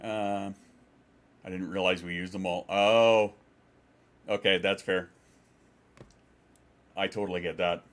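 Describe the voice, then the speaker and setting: A man talks loosely to his livestream chat in a lowish voice. He rambles, curses freely, and trips over his own sentences as he answers viewers. Casual stream talk. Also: little pitch movement, unhurried, long pauses, a bit bright. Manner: rambling and profane, with frequent restarts.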